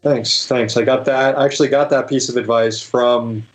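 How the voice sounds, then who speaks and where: A man speaking as a guest on an interview show, relaxed and rambling, with lots of fillers. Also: mid-range voice, normal speed, low-quality recording. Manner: relaxed, rambling, many fillers, laughs easily. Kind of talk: casual interview chat.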